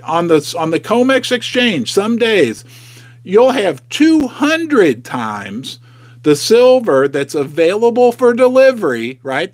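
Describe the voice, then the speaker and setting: A middle-aged man runs a casual livestream for his precious-metals investing channel from his home basement. He is chatty and folksy and often asks his viewers questions. His voice is high, with no room sound.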